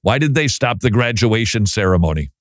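A man's voice: fairly low pitch, animated, brisk, dry recording, clean studio sound. A man hosting a Christian talk show, chatting wryly and reading listener emails aloud. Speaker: Christian radio host. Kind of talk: casual talk show commentary.

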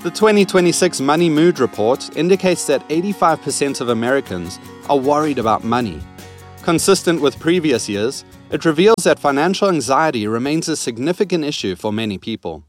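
A man's voice: medium pitch, no echo, clean studio sound. A man hosting a scripted Christian money-advice radio feature, reading with an upbeat delivery.

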